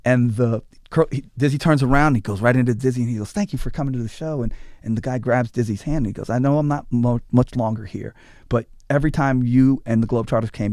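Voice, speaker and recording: In a casual interview, a guest who used to be a tour manager tells lively stories, voicing other people's lines and tripping over restarts. His mid-range voice is creaky, and the studio-quality audio has no echo.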